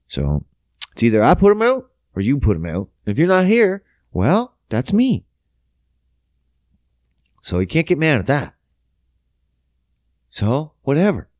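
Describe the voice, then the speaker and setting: A man's voice: medium pitch, big pitch swings, measured pace, long pauses, darkish tone, no echo. A man hosting a podcast, telling crude comic stories in a profane, boisterous way and laughing often. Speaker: podcast host. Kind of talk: crude comic storytelling monologue.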